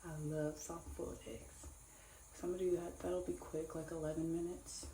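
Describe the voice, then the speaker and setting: A woman's voice: low voice, flat delivery, normal speed, dark tone, slight background noise. A woman chatting casually to camera in a vlog, rambling and repeating herself. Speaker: vlogger. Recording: roomy echo with faint ambience.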